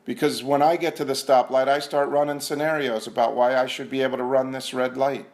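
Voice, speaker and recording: An earnest man shares at a recovery meeting, talking to a room full of people. His pitch sits in the middle, and he speaks conversationally, often questioning himself. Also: flat delivery, a little fast.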